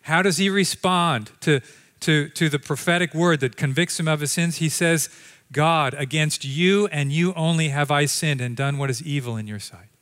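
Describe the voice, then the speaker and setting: A man preaching a sermon in a church, telling the story in a conversational way that swings from lively to quiet and slow. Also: on the high side. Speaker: pastor. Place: church sanctuary.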